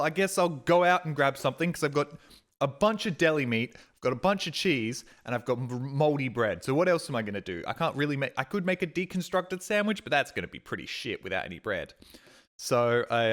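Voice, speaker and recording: A young Australian man, a streamer, telling a story in a casual chat and acting out his own reactions. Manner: animated, acts out his own reactions with big jumps in pitch.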